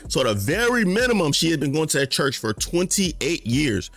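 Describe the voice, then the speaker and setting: A man in his late twenties or thirties giving a passionate casual commentary rant, full of slang, his voice climbing high in outrage and then dropping to a low mutter. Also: very animated, normal speed, fairly bright tone. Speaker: commentary vlogger.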